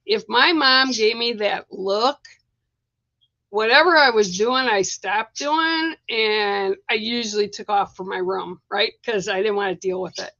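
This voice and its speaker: A middle-aged woman doing a casual live-stream card reading, talking in a chatty, rambling way full of fillers and restarts. Her voice sits at an ordinary middle pitch. The sound is dry and a little dull, like a lo-fi home stream. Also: a little slow, bright, forceful tone, no echo. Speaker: spiritual card reader.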